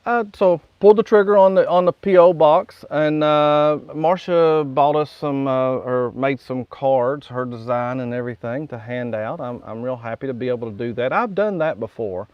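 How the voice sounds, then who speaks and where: A man's voice: medium pitch, moderate pace, hardly any pauses, smooth, no echo. Live-stream host, man, West Virginian accent, folksy rambling chat, dry slightly muffled audio. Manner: rambling and folksy, reads viewer comments aloud and chuckles often.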